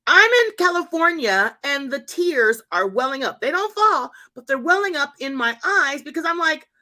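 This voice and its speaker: A woman in her fifties giving a lively testimony to a congregation as a church speaker and host, talking straight to her audience. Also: high voice, normal speed. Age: 50s.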